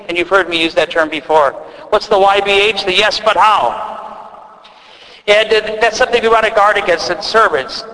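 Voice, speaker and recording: Upper Midwest priest preaching in a reverberant church. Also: male voice, high-pitched, sharp tone. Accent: Upper Midwest American. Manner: conversational, pausing with restarts and asides. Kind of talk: sermon.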